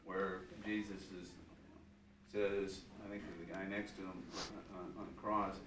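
A man with a low voice asks a question in a tentative, musing way. He is picked up from far off in an echoey room, and clear background noise surrounds him. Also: flat delivery, a little slow. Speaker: class participant asking a question. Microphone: far from the mic. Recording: distant mic in an echoey room with ambient noise.

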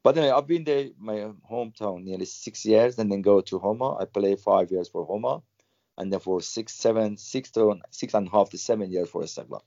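Low-voiced older man, halting. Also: vocal fry, warm tone, dry recording. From Iran. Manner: halting, repeats words, non-native phrasing. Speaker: former footballer, guest. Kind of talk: interview storytelling. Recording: dull lo-fi sound.

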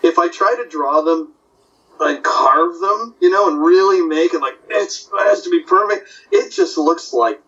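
A man's voice: a little high, normal speed, far from the mic, lo-fi sound. An older man, a comic artist, telling stories in casual talk and putting on voices for the people in them. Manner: animated, puts on voices in anecdotes. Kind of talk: casual storytelling.

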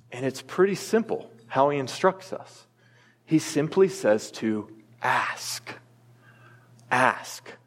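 A man's voice: medium pitch, fairly bright tone. A man in his thirties preaching a sermon as a pastor, earnest and emphatic, telling a family story to make his point. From United States. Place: church sanctuary. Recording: long reverb of a church hall.

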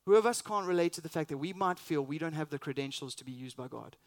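A man's voice: fairly high pitch, expressive, fast, no room sound. A man preaching a sermon as pastor, earnest and emphatic, with rhetorical questions.

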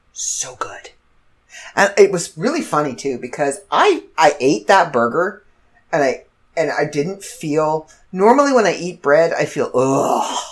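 A middle-aged woman telling a story in casual chat, animated and laughing as she acts out the other people. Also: fairly low pitch. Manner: animated, laughs through her story, quotes others in shifting voices. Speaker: vlogger.

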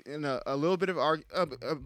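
A man co-hosting a podcast, talking in an effusive, playful and emotional way. His voice sits a bit high and sounds bright and forceful. It is a dry, close recording. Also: fast talker, no echo. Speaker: podcast co-host. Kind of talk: casual group chat.

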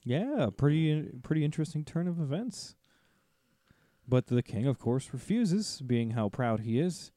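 A man's voice: on the high side, unhurried, no echo. A man co-hosting a book podcast, casually summarizing plot for his co-hosts. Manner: relaxed, summarizing plot with light laughs. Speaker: podcast co-host. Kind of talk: casual discussion summarizing a story.

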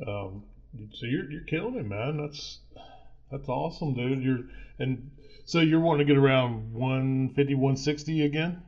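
A man's voice: mid-range voice, normal speed. Male host, mid-range voice, encouraging tone, muffled lo-fi recording. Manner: encouraging, calls guest "dude". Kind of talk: casual interview chat.

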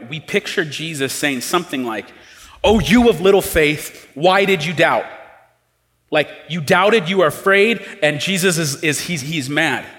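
A man preaching a sermon, conversational and animated, acting out quoted lines with changing tones. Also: a little high, long reverb tail. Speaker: pastor.

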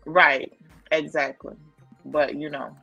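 Gravelly, husky man on a podcast. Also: a little high, level tone, slow, pushed and bright, muffled recording, faint music behind. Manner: laughing, playful denials. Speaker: podcast co-host. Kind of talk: casual chat.

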